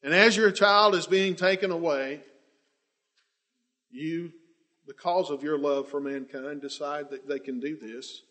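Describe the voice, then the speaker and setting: High-voiced impassioned male preacher. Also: steady tone. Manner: impassioned, swings from loud to hushed, drawn-out emphasis. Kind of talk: sermon.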